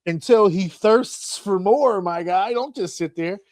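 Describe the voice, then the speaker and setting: In a dry, close recording, a podcast host speaks in a high-pitched, unhurried voice. The casual comic banter is lively: he's an animated storyteller who acts out voices and laughs a lot.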